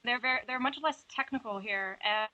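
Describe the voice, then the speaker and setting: A young woman from the Netherlands, an illustrator being interviewed, talking in a relaxed, reflective way with frequent fillers. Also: a little high, normal speed. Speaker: illustrator and animator guest. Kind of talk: interview conversation. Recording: dull lo-fi audio.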